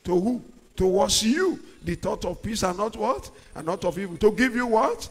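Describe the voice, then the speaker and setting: A middle-aged man preaching a sermon, using call-and-response and swinging from quiet talk to shouts. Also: sits high, lively intonation, normal speed, husky. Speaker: pastor. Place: large church hall. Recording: long church-hall reverb.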